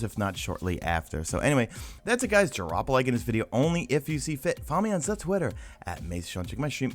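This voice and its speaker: A man giving a casual video game update, talking emphatically and straight to his viewers. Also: lowish voice. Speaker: gaming YouTuber.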